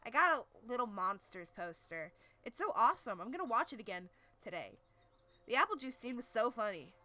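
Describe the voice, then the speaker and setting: Eager nerdy teen boy gushing , read by a woman, bright voice, faint music. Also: on the high side, very animated, brisk. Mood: excited.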